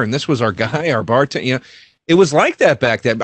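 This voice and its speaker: A man's voice: medium pitch, animated, brisk, a bit bright, no echo. A man on a comedy talk show, animatedly reminiscing with laughs. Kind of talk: casual comedy podcast chat.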